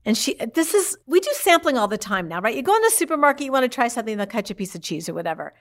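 A woman, a guest on the show, tells her mother's story in an animated way and acts out the people she quotes. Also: fairly high pitch, racing. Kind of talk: lively storytelling in an interview.

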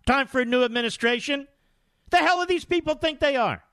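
A man's voice: extremely high pitch, bright, forceful tone, no echo, clean studio sound. A man hosting a talk radio show, scornful, indignant and combative in his commentary. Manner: indignant, scornful, rapid-fire.

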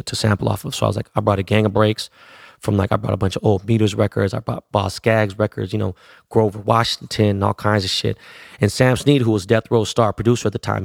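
A middle-aged man from Los Angeles tells a long story as a DJ, swearing freely and leaning on street slang. His voice sits low with a gravelly fry, and the recording is close and dry. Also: flat delivery, no room sound. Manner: profane, streetwise slang, quotes others in quick voices. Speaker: DJ and producer telling a story. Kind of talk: casual storytelling.

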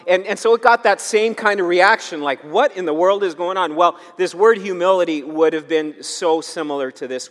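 A male pastor preaching a sermon, emphatic and repetitive, swinging between loud urging and quiet asides. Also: high voice. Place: church sanctuary. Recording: long hall reverb.

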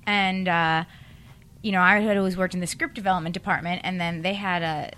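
A woman guest telling animated stories in casual chat, acting out quoted phone calls. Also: lowish voice, a little fast.

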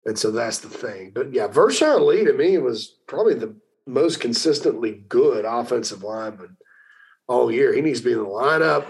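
A man's voice: mid-range voice, animated. A man hosting a call-in sports talk show, talking loosely with repeated words and fillers. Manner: rambling, conversational, repeats words, pauses with fillers. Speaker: sports radio host.

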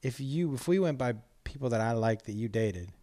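A man's voice: medium pitch, expressive, a little fast, mellow, no room sound. A man hosting a casual chat, blunt and teasing, who laughs as he tells stories.

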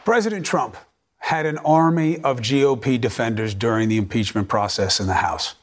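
A man anchoring a cable news interview, pressing his guest in a forceful, argumentative way. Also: mid-range voice, moderate pace.

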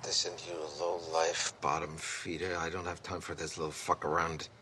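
A man's voice: low voice, level tone, normal speed, background noise, lightly acted. An actor playing a cold, menacing father who threatens his son's kidnappers. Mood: cold menace. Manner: icy, threatening.

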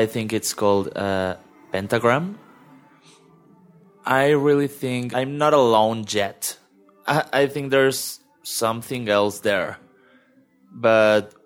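Young guy w telling his scary story slow and earnest, lowish voice, soft guitar behind. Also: smooth. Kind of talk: personal storytelling.

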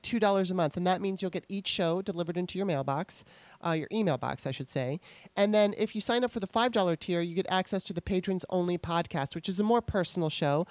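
A woman hosting her own podcast, telling a rambling personal story and then pitching listener support in a casual, chatty way. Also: a little mellow, dry recording. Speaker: podcast host. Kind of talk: casual solo podcast talk.

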